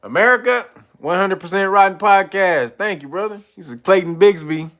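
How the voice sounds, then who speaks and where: A man's voice: high voice, moderate pace, fairly bright tone. A man hosting a podcast, giving casual profane commentary, reading live chat, laughing often and mocking.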